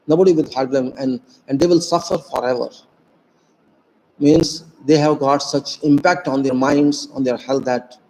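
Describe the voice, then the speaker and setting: A man's voice: medium pitch, gravelly, warm tone, a little hiss or hum. Earnest Indian-accented man, reverberant room. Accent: Indian English. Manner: earnest, emphatic, with slow stressed phrases. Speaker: engineer speaking to viewers. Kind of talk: impassioned informal monologue.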